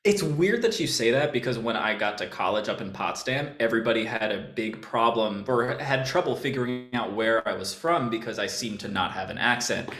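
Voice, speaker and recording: A young man from New York with a general American accent, chatting in a relaxed, rambling way as a guest musician. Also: fairly low pitch, fairly quick, hardly any pauses. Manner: relaxed, rambling, laughs often. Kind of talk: casual interview chat. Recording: roomy echo.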